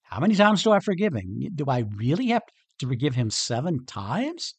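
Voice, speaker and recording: A man's voice: fairly high pitch, very animated, normal speed, slightly rough, no room sound, exaggerated voice. A man putting on the voice of a nervous male disciple who hopes for a loophole, sheepish and confiding.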